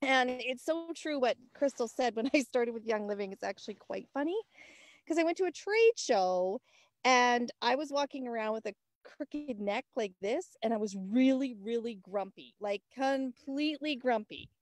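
A Canadian woman speaking as a guest on a group call from outdoors on a mountain, telling her story in a lively way and acting out the voices of the people in it. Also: fairly high pitch, normal speed, no echo. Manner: animated, acts out quoted voices. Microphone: laptop on a hotspot.

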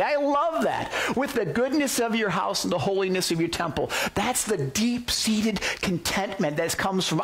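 A man preaching a sermon as pastor, excitable and emphatic, often rising to near-yelling. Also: high voice, moderate pace, hardly any pauses, slightly rough. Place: church, relayed to listeners by phone and online.

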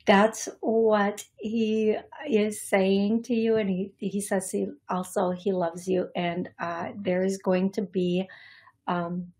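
A young adult woman hosting a psychic medium show, speaking in a halting, repetitive way with many fillers as she passes on messages to viewers. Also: medium pitch, darkish tone. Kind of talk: live-stream reading for viewers.

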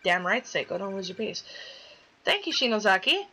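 A woman's voice: medium pitch, very animated, normal speed, bright, forceful tone, low-quality recording. A young woman playing a game and reading its dialogue aloud, chatty and dramatic, swearing casually as she reacts. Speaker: gaming YouTuber.

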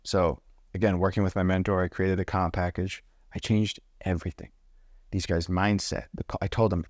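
Male podcast guest, low voice, brash and profane, animated storytelling, dry studio sound. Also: moderate pace, dry recording. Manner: energetic, profane, acts out the people in his stories. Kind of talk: casual storytelling interview.

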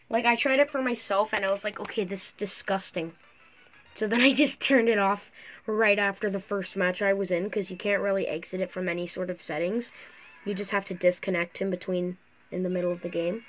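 A woman's voice: medium pitch, a bit bright. A talkative woman giving rambling, chatty commentary while playing a mobile racing game, recorded on her phone's microphone. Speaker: mobile gaming YouTuber. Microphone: phone mic through a screen recorder.

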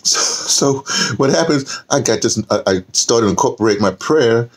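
A man's voice: medium pitch, lively intonation, normal speed. An older man, talking casually in a morning vlog, rambling with many fillers and restarts. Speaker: vlogger. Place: home, indoors.

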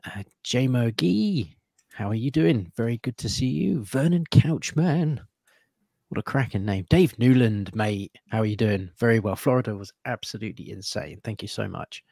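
A man's voice: mid-range voice, animated, moderate pace, gravelly, dark tone, dry recording, studio quality. A man around thirty hosting a live podcast in a chatty, upbeat way, greeting viewers one by one. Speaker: podcast host. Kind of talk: casual live-stream chat.

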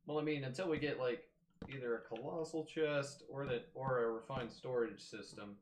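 A young man hosting a casual gaming session, playfully melodramatic, swinging into loud mock outrage and laughter. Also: medium pitch, normal speed, reverberant, slight background noise. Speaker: gaming channel host.

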